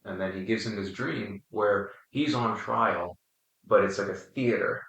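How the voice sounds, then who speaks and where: Low steady guy running a book chat, bright edge to the voice, sounds far off in an echoey room. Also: gravelly. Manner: thoughtful, explanatory, pauses on fillers. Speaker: book study discussion leader. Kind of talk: casual group discussion. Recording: roomy, distant mic.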